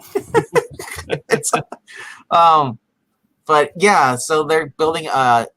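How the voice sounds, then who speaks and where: A man casually recapping a TV episode, rambling with lots of fillers and acting out characters' lines in animated bursts. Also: on the high side, takes it slowly, no echo, poor audio. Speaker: podcast co-host recapping a TV episode. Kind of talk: casual chat.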